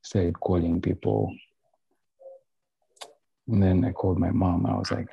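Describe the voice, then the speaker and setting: Low gravelly husky young man. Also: flat delivery, no room sound, muffled recording. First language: not English. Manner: candid, halting, full of restarts. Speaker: guest telling his story. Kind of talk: personal recovery story. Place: indoors, a library.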